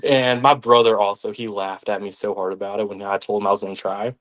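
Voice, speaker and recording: A young man, telling stories as a podcast guest in an animated way, sometimes acting out the voices of others. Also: fairly low pitch, quick pace. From Arkansas, United States. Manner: animated, acts out quoted voices. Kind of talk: casual storytelling.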